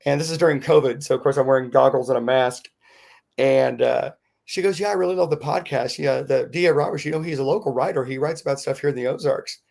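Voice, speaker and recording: A middle-aged man, a podcast co-host, telling a rambling, animated story in casual chat with lots of fillers. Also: medium pitch, fast talker, creaky.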